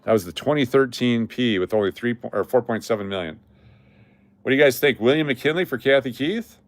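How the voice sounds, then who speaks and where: This livestream host has a medium-pitched, expressive voice and a brisk pace, recorded with no echo. Running coin giveaways, he chats casually and repetitively, naming viewers as he gives out prizes.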